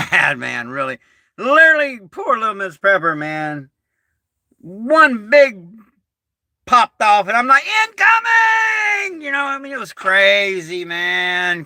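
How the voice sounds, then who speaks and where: Middle-aged male livestream host, folksy storyteller, still getting over being sick, lively up-and-down delivery. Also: fairly high pitch, no room sound, clean studio sound. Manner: folksy, rambling, animated. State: recovering from illness. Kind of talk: casual livestream chat.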